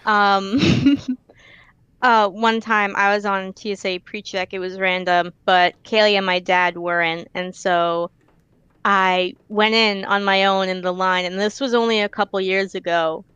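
A young woman tells a story about herself in a giggly, self-deprecating way. Her voice is smooth and clean, in a middle pitch. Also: steady tone, unhurried, fairly bright tone, dry recording, muffled recording. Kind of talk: casual storytelling chat.

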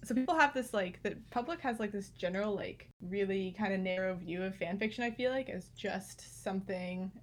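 A woman's voice: medium pitch, moderate pace, few pauses. Chatty young woman, podcast co-host. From United States. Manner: chatty, laughs often, many likes and restarts. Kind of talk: casual chat.

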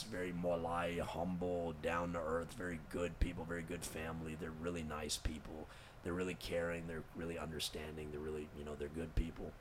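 A man's voice: low voice, a bit bright, a little hiss or hum. A young man telling a personal story in casual talk, emotional and rambling, swearing often and mixing in Urdu words. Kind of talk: casual conversation.

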